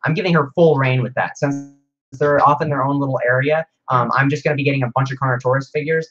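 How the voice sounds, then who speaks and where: Brief: man, livestream host, rambling and excitable, reads chat aloud, mid-pitched, dull lo-fi mic. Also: fast. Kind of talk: casual livestream Q&A.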